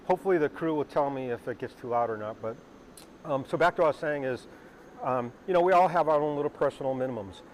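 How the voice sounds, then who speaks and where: A man hosts a live stream as a pilot, chatting casually with his viewers and rambling along with fillers and asides. His voice is medium-pitched, there's a little hiss or hum, and a helicopter is starting up nearby.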